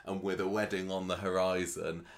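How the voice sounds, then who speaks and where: British man, podcast co-host, rambling, halting, casual chat, low pitch. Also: flat delivery. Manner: rambling, halting restarts, laughs often.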